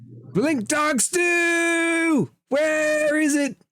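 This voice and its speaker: A man voicing a loud, excitable clown cook who shouts in a high, drawling voice. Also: drawn-out words, exaggerated voice. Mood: frantic.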